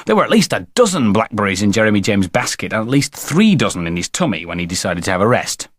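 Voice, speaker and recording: Man, storybook narrator, low voice, very lively melody, dry close sound. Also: quick pace, dry recording. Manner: playful, expressive reading. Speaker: audiobook narrator.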